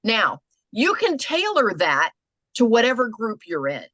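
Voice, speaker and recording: Lively older American coach woman. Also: on the high side, a little slow, no room sound. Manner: conversational, animated, acts out quoted people. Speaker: business coach. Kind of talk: coaching a group online.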